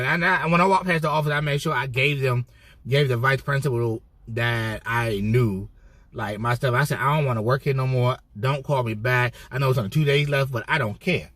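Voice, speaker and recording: A man vlogging a casual storytime, telling it in a heated, profane way with animated bursts. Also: mid-range voice, moderate pace, no echo. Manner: cheerful put-on customer-service voice when mimicking himself.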